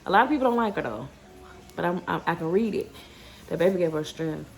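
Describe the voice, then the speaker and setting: A woman's voice: fairly low pitch, expressive, fast talker, vocal fry, darkish tone, faint music behind. A woman vlogging in a rambling, casual way, stopping and restarting her sentences and getting heated when she rants. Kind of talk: casual vlog chat. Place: outdoors then home.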